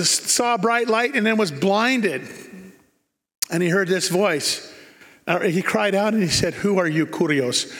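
A man's voice: high-pitched, a bit bright, in a large hall. A man preaching a sermon, emphatic and repeating key phrases for effect.

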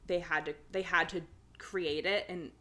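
A woman's voice: lowish voice, steady tone, a little slow, pushed and bright. A woman casually reading a passage aloud, adding her own comments and fillers between sections. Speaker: reader sharing a story.

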